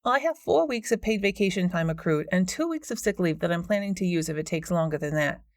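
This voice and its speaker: A woman's voice: lowish voice, animated, fairly quick, dry recording, studio quality. A woman putting on a smarmy know-it-all investigator. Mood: confiding. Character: smug pushy female paranormal investigator.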